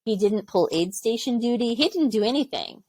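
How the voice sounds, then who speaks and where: A woman's voice: fairly high pitch, animated, moderate pace, a little mellow, no room sound. A woman in her forties, an Army medic veteran, frankly telling war stories in an interview and acting out the people she quotes. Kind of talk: candid interview storytelling.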